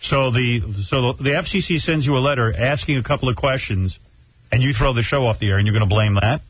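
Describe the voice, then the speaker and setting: A man's voice: medium pitch, a little fast, slightly rough. A man hosting a radio talk show, blunt and mocking as he banters and rants. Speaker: radio host. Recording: dull lo-fi radio audio with faint music.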